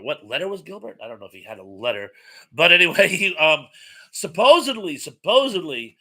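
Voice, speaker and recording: Very bright-voiced chatty stream host. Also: male voice, mid-range voice, animated, normal speed, pauses often. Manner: chatty and rambling, many ums. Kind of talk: casual live chat, reading viewer comments.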